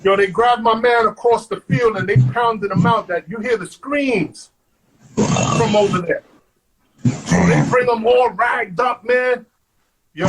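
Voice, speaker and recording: A man, a guest on an interview show, telling stories in an animated way, acting out quotes and saying "man" all the time. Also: high-pitched, slightly rough, poor audio. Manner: animated, acts out quotes, says "man" constantly. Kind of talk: storytelling.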